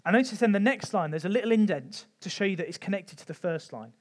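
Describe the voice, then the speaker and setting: Church teacher, male, higher-pitched, chatty and informal, lots of ums. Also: animated, fast talker. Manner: conversational, frequent ums, light humour. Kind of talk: informal Bible teaching talk.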